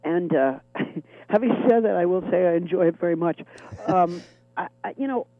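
A middle-aged woman comedian with a deep, low, gravelly, rough-edged voice talks at normal speed during a phone interview chat. She rambles wryly through her stories with self-deprecating asides, and a lingering chronic cough comes through. The thin, tinny line sounds dry and boxed in, with no room sound.

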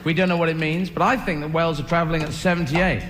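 Rambling high-voiced stand-up comedian. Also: male voice, fairly even intonation, fast. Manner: rambling, playful, self-interrupting. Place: live venue hall. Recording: echoey hall, loud crowd and noise.

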